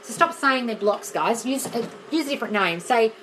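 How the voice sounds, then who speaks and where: Blunt, bright-voiced Australian woman. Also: fairly high pitch, lively intonation, moderate pace, a little hiss or hum. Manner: blunt, frank, swears freely, calls viewers darling. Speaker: manifestation coach. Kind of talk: casual live-stream Q&A, reading out comments. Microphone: phone on a live stream.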